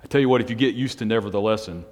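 A man's voice: fairly low pitch, very fast, a little mellow. A man preaching a casual sermon to a small group, conversational, asking the room questions and chuckling. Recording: long hall reverb.

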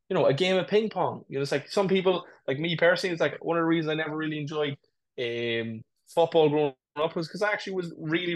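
A man co-hosting a podcast, talking reflectively and often starting with "it's like, listen". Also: fairly high pitch. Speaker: podcast co-host. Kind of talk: casual chat.

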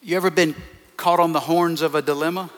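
This man preaches forcefully to his congregation, piling up short phrases he repeats. His voice is fairly high and a bit bright, with fairly even intonation and a slightly quick pace, ringing with a large hall's long reverb.

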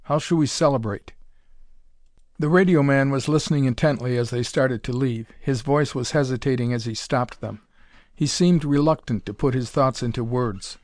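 A man reading a pulp adventure story aloud in a measured, plain narrating manner. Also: medium pitch, darkish tone, dry recording.

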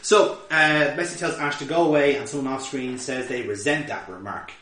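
A man's voice: medium pitch, moderate pace, slight background noise. A man co-hosting a podcast, casually recapping an episode with swearing and laughter. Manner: animated, swearing, laughing storyteller. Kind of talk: casual chat. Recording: roomy, distant mic.

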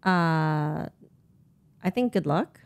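A woman's voice: sits low, expressive. A woman co-hosting a casual podcast, answering quiz questions and shooting back dry denials at her partner's jokes. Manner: quick denials, dry comebacks. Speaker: podcast co-host.

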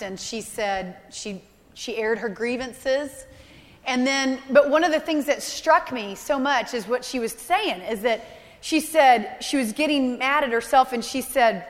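A woman in her thirties preaching a sermon, emotional and earnest, repeating key phrases. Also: on the high side. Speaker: speaker at a church service. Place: large church hall. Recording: live hall with long reverb.

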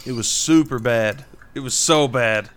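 A man's voice: mid-range voice, unhurried, a bit bright, smooth. A man co-hosting a casual pop-culture podcast, easygoing and wry. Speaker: podcast co-host.

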